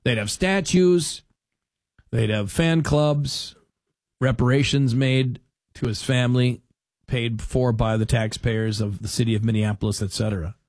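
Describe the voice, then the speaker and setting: A man hosting a talk radio show, reading news aloud and adding sarcastic, animated asides. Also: medium pitch, husky, no room sound. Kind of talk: casual talk radio commentary.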